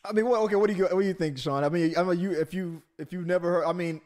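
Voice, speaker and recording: A man from Texas hosts a loose, chatty podcast, his voice sitting a little higher than most men's. He rambles through his points, stopping and restarting as he thinks out loud. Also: steady tone, racing. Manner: rambling, with frequent restarts and fillers. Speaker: host. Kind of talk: casual podcast chat.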